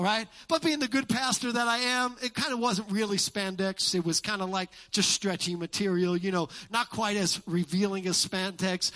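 A man preaching a sermon as a pastor, animated and joking with his congregation in a church. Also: high-pitched, brisk, few pauses. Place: church sanctuary.

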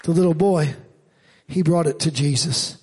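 A middle-aged pastor preaches from the pulpit of a church in a notably high, husky voice at a moderate pace. He's animated, rising loud and high to press his points home, with some chatter audible in the background.

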